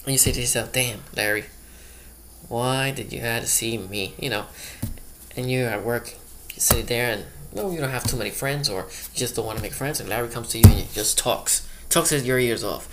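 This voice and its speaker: A man's voice: mid-range voice, brisk, noisy background. A man doing a rambling comedic monologue, full of loose asides and repeated "you know".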